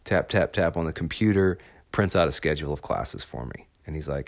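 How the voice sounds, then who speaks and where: Deep-voiced man telling a story. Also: fairly quick, vocal fry. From Arkansas, USA. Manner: relaxed, rambling with many fillers. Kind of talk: casual personal storytelling.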